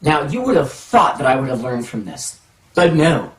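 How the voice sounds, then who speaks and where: A man telling a comic personal story to the camera, animated and self-mocking. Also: a little high, moderate pace. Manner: animated, self-mocking, acts out voices in his stories. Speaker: storytelling vlogger. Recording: echoey room, mic far off.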